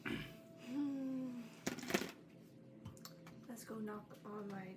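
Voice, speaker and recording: A woman plays a tabletop game, speaking slowly and reluctantly in a slightly high voice. She sits far from the mic, and loud noise runs behind her. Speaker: player. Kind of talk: casual tabletop play.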